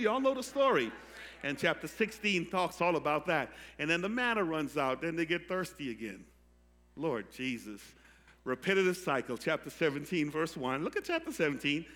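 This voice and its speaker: A man pastor preaching a sermon, calling out to the congregation for responses and building from quiet teaching to loud preaching. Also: on the high side. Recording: echoey hall.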